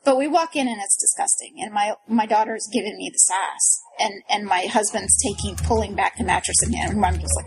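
A woman in her thirties telling a frantic personal story in casual chat, animated and breathless, full of restarts. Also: medium pitch, brisk, vocal fry, few pauses, slightly rough, poor audio. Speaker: guest storyteller.

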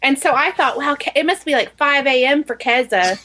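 High giggly woman chatting on a podcast, jumpy pitch, faint noise. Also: lively intonation, brisk, pushed and bright. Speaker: podcast co-host. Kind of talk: casual group chat.

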